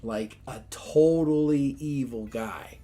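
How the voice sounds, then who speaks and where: A man's voice: mid-range voice, slow, warm tone, soft background music, close to an everyday voice. A man voicing a bubbly young woman who talks in gushing valley-girl style, full of "like" and "totally". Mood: persuasive.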